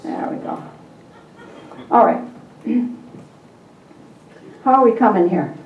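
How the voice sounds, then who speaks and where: A woman's voice: on the high side, expressive, very slow. A woman leading a call-and-response Bible lesson, coaxing her listeners and repeating prompts with frequent laughter. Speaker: Bible teacher for a group. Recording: distant, roomy and dull.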